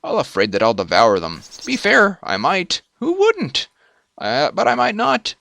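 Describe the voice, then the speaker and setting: A man's voice: high voice, huge pitch swings, measured pace, gravelly, pushed and bright, voice pushed up, heavily acted. A man voicing a lonely, vain female giant spider in a game, whiny and huffy. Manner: whiny, self-pitying, huffy.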